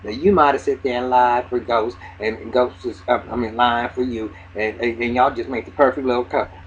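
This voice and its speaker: In a quick, mid-range voice, a man recaps a TV episode casually and with plenty of profanity. He gets excited, voices the characters' lines, and keeps restarting, and the lo-fi recording sounds dull with a faint hiss.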